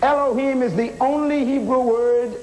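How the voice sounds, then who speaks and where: A man's voice: very high-pitched, fairly even intonation, normal speed, noisy background. A man preaching a sermon in an auditorium, emphatic, asking rhetorical questions and calling the crowd to respond.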